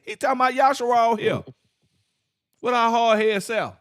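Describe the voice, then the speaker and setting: High-pitched guy with teaching bible, lots of "y'all see that?" and laughing. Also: very animated, a bit bright. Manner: preachy, rhetorical questions, laughs, reads verses slowly. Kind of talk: informal scripture teaching to an online audience.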